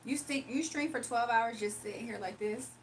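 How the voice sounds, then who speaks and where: A woman's voice: a little high, normal speed, slight background noise. A young woman livestreamer chatting casually and reading her chat aloud, sarcastic and playful, laughing often.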